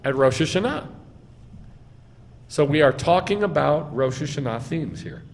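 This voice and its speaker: A man preaches as a rabbi, speaking slowly with a lively, swinging pitch. He asks the congregation questions, then answers them himself and hits key words hard. His voice rings out with long reverb in a hall. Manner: emphatic, stresses words. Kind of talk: sermon teaching. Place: synagogue sanctuary.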